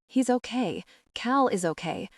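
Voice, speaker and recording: Audiobook: a woman playing a terrified young woman, pitched up and pleading, dry close recording. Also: expressive, measured pace, no echo. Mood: desperate. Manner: raised, pleading, breathless delivery.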